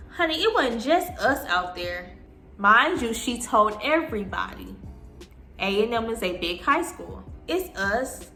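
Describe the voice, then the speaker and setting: Girl in her 20s doing a storytime, bright voice, echoey room, music low underneath. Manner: animated, acting out quotes in voices. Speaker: vlogger. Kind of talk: storytime vlog. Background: soft background music.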